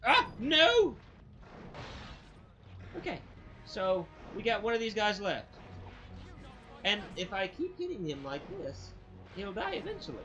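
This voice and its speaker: A man hosting a let's play, giving excitable commentary that stammers and bursts into frustrated yelling. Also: high voice, normal speed, long pauses. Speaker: gaming channel host. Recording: dull lo-fi sound with game music. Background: game music.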